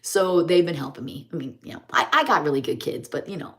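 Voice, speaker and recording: A woman's voice: deep voice, fast talker. A middle-aged woman chats in a rambling, homey way while doing her makeup on a live stream. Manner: rambling, homey, chatty storytelling.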